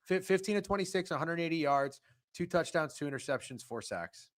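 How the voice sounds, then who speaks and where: A man co-hosting a casual sports stream, swinging between loud outbursts and muttered asides. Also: a little high, expressive, brisk. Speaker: co-host of a sports betting stream. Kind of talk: casual profane sports chat.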